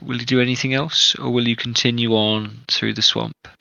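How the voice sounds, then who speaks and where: A man narrating a tabletop game as game master, with measured, descriptive storytelling. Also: medium pitch, little pitch movement, vocal fry, sharp tone, no echo, lo-fi sound.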